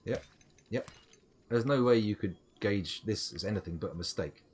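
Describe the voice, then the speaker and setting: A man's voice: lowish voice, moderate pace, darkish tone, breathy edge. A middle-aged man giving chatty, playful live commentary on his game, talking to the creatures and to himself. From United Kingdom. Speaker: gaming streamer.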